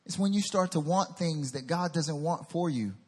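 Husky-voiced man preaching a sermon. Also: a little high, moderate pace, long reverb tail. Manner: animated, acting out scripture voices. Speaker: pastor.

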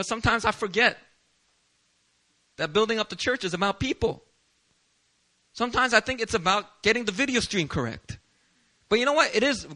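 Male pastor with a bright, rather high voice, animated and self-mocking, preaching with quick laughs. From Philadelphia, US. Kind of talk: sermon.

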